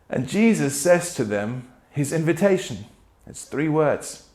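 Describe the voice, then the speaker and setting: Animated, playful male pastor. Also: on the high side, measured pace. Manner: animated, playful, acts out quotes with laughs. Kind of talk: sermon.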